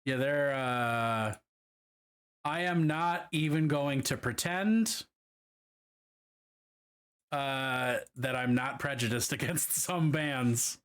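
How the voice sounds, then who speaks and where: A man's voice: medium pitch, slow, pauses often, fairly bright tone. A man chatting casually on a livestream while painting miniatures, swearing freely and reacting to viewer comments.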